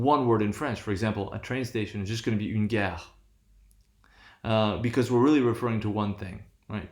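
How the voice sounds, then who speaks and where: Low-voiced man lecturing in a roomy room. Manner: hesitant, restarts often, keeps checking with "right?". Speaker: teacher. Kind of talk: recorded lecture on English stress. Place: his own room.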